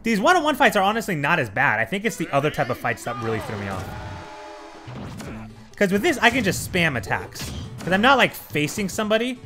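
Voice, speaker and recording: A man giving casual gameplay commentary as a let's play host, frustrated and swearing, with sudden bursts of yelling. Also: high voice, huge pitch swings, fairly quick, faint music behind.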